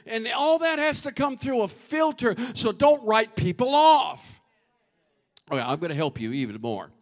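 Animated high-voiced preacher. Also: male voice. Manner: animated, humorous, addresses congregation directly. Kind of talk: sermon.

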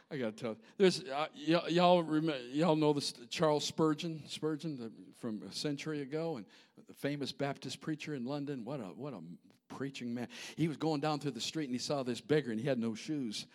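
Man, pastor, high voice, sermon, impassioned, hushed to shouting. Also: animated, moderate pace.

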